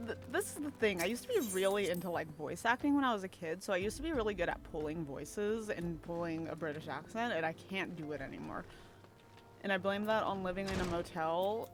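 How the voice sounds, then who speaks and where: A young woman streamer chatting casually while gaming, rambling and self-deprecating, tripping over her words. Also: lowish voice.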